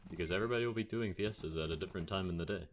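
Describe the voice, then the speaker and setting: Deep-voiced man streaming casually. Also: rapid-fire, background noise. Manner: joking, self-mocking, defensive. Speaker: game streamer. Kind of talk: casual livestream chat reading comments.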